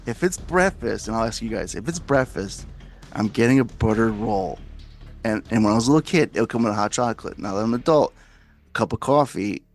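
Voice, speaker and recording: A man's voice: on the low side, a little fast, faint music behind. A man from the New York area hosting a casual podcast, telling stories with swearing and acted-out quotes. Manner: profane, animated storytelling with acted-out quotes. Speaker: podcast host.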